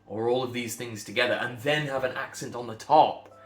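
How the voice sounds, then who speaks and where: A man from England, a speech coach, talking bluntly and emphatically to camera, sometimes building to loud outbursts. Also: mid-range voice, brisk, echoey room, faint music behind.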